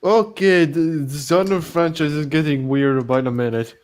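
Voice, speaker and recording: A man's voice: on the high side, moderate pace. A man in a casual podcast chat, blunt and impatient.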